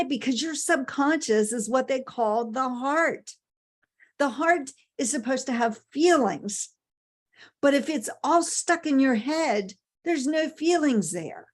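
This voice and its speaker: A middle-aged woman giving a motivational talk, emphatic, repeating key phrases and asking rhetorical questions. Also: high voice. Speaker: motivational speaker.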